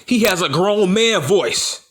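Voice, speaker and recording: A man on a solo commentary video, going off in a heated and profane rant. His voice sits a bit high for a man and swings up and down a lot as he hammers each point over and over. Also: animated, slow pace, a bit bright. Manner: heated, profane, repeats himself for emphasis. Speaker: wrestling YouTuber. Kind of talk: profane opinion rant to camera.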